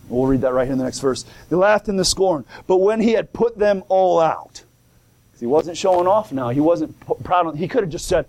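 A man's voice: fairly high pitch, fairly quick, darkish tone, a little hiss or hum. A man preaching a sermon, reading old scripture wording and then explaining it in plain, colloquial talk, calling out praise as he goes. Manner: colloquial, repeats and restarts, calls out "come on now" and "glory".

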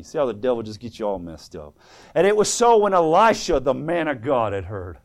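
A man preaching a sermon with fervor, swinging from quiet asides to loud exclamations and quoting scripture. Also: medium pitch, very animated, brisk. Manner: fervent, swings from quiet to loud, quotes scripture in old English.

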